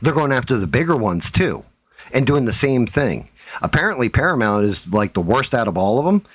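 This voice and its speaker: A man's voice: medium pitch, very animated, brisk, no echo. A man hosting his own livestream, ranting in a profane, defiant and heated way. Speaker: livestream host.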